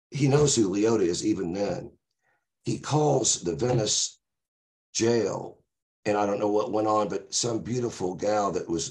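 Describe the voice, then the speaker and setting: A man's voice: lowish voice, darkish tone. An older man, a musician guest, telling a rambling, laughing anecdote with lots of fillers.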